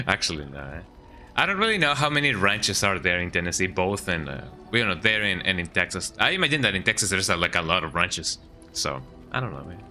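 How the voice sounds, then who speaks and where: A man's voice: fairly low pitch, animated, normal speed, pushed and bright, soft background music. A young man streaming a game, chatting casually in a rambling way and tagging "eh?" onto lines. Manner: rambling, says "eh" often. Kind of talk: casual chat while gaming.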